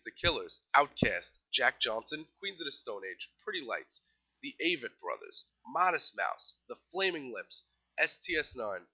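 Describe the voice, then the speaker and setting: A young man with a New York accent runs through festival lineups in a casual solo show, tossing in dry little jokes between band names. His voice sits at an ordinary middle pitch. The recording is a bit dull and lo-fi. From New York City. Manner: wry, offhand asides while rattling off lists. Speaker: music news show host.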